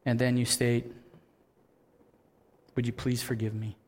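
Male pastor in the pulpit, average pitch, expressive sermon delivery with acted-out quotes. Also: unhurried. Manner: animated storytelling, acts out quoted voices, laughs at himself; drops to a soft, quiet voice for earnest points.

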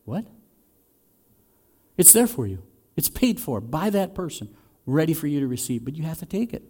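A man preaching a sermon in a conversational way, asking the congregation questions and swinging between loud and soft. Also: on the high side, very animated, normal speed, breathy edge. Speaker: pastor.

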